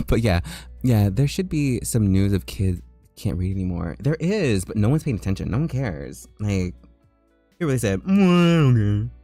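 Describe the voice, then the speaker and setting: A man chatting on a casual livestream while he draws, loud and jokey, full of "like" fillers. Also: fairly low pitch, sing-song, moderate pace, no echo, faint music behind. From United States. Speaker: livestreaming artist.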